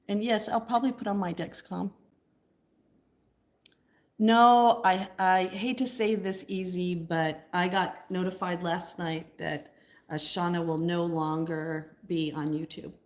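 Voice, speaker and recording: A woman hosting a casual live stream, chatting and answering viewer comments as she goes. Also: medium pitch.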